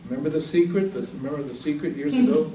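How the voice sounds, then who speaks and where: A man giving a spiritual talk, telling a story in a lively, jokey way. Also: on the high side, fast, a little hiss or hum. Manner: lively, jokey storyteller who laughs at his own jokes. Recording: roomy, distant mic, faint ambience.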